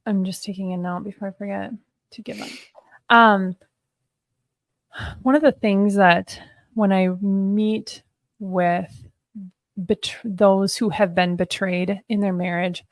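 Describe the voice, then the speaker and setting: Woman, therapist host, slow pace, dry sound, calm questions. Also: mid-range voice, no echo. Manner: brief affirming interjections, measured questions. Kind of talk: interview podcast.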